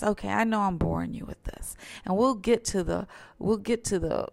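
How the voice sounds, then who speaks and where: A woman teaching a recorded lesson, explaining patiently in a soft, at times near-whispered voice with small slips and restarts. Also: mid-range voice, normal speed, gravelly, no echo.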